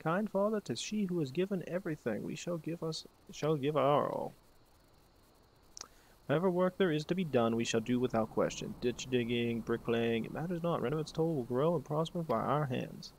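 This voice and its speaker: A man's voice: a little high, expressive, normal speed, a little mellow, a little hiss or hum, rough recording. A man reading aloud the lines of an earnest, grateful male refugee elder in solemn, formal old-fashioned phrasing. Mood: resolute.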